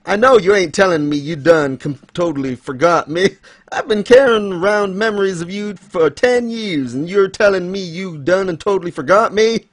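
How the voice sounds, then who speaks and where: A man putting on a loud Southern country girl. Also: high-pitched, racing, few pauses, voice pushed up. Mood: indignant. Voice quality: exaggerated Southern drawl.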